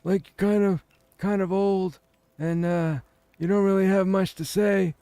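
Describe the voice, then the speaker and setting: A doddering old man with little to say, put on by a man, pitched well above a normal speaking voice and louder than the man's usual talk. It is heard dry and close, with no room around it. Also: steady tone, measured pace, smooth, no echo.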